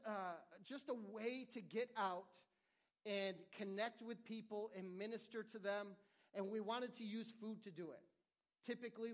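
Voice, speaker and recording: High-voiced earnest male pastor preaching. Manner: earnest, conversational preaching with repeated restarts. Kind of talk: sermon.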